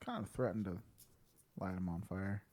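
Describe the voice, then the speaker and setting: A man playing his character at a tabletop game, earnest and plainspoken with halting pauses. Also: deep voice, a little mellow. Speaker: player.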